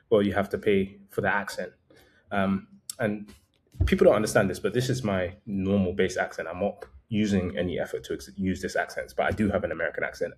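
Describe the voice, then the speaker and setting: A man's voice: sits low, a little mellow. A man vlogging casual travel advice in a conversational, meandering way, often correcting himself mid-sentence.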